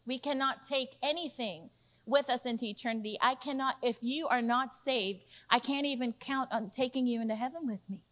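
A woman's voice: sits high, normal speed, fairly bright tone. A woman executive pastor preaching a sermon, emphatic and repeating key phrases, calling the congregation "y'all". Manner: addresses listeners as "y'all".

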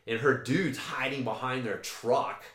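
A man's voice: mid-range voice, a little slow, fairly bright tone. A man in casual chat, telling a long rambling story with swearing and frequent restarts. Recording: roomy echo.

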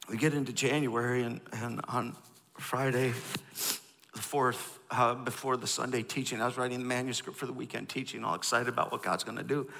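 A man's voice: mid-range voice, brisk, gravelly, in a large hall. A pastor in his fifties telling a candid personal story in a sermon, acting out both sides of the conversations. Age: 50s. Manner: candid, animated storytelling, acts out dialogue.

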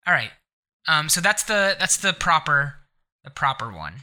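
A man's voice: on the high side, sing-song, moderate pace, sharp tone. A man co-hosting a podcast, talking casually with lots of fillers. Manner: rambling, filler-heavy, giggly. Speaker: podcast co-host. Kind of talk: casual chat.

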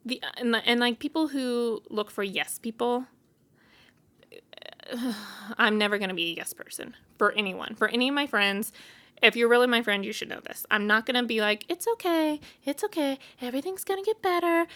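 Blunt lady venting on her podcast, kinda high voice, bright and punchy, says it like it is. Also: moderate pace. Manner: blunt, candid, exasperated. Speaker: podcast host. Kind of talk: casual solo venting.

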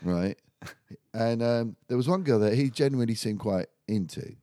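Speaking at a normal speed, a man with a mellow, warm voice of medium pitch energetically acts out a story in casual conversation, cursing freely. The recording is close and dry, without echo.

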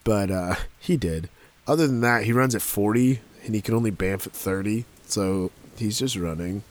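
A man playing in a tabletop game, calmly explaining what his character does. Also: fairly low pitch, normal speed. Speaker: player. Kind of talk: casual tabletop banter.

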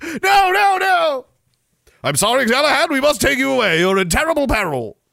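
A man's voice: very high-pitched, very animated, quick pace, gravelly, bright, forceful tone, dry recording, studio quality, pitched above the performer's own voice, heavily acted. A man putting on a raised voice to play a frantic young knight who urgently insists on a rescue.

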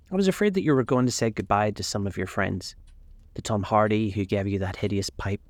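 A man's voice: fairly low pitch, darkish tone, dry recording. A man voicing a dreamy, adoring young woman who speaks eagerly and pleads.

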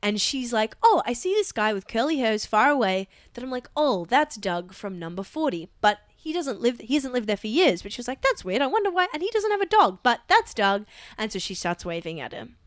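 A woman co-hosting a comedy podcast, telling gossip in an animated way and acting out the people she quotes. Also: fairly high pitch, fairly quick, dry recording, studio quality. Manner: animated storyteller, acts out quoted voices. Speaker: podcast co-host. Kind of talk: casual comedic chat.

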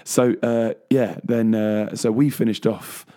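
A man's voice: lowish voice, fairly even intonation, measured pace, mellow. A man co-hosting a casual music talk show, rambling with plenty of fillers and frequent laughs. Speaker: co-host, bass player. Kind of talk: casual chat. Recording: radio show studio mic.

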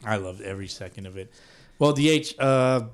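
A man hosting a podcast in casual, profane chat, laid-back and quick to laugh. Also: lowish voice, clear, resonant tone. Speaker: podcast host.

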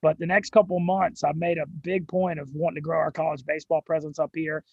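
A young man with a Southern drawl, telling his story as an interview guest in an excited, quick way with some cursing. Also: fairly high pitch, creaky, husky, no echo, lo-fi sound. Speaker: sports radio and gambling show host, guest.

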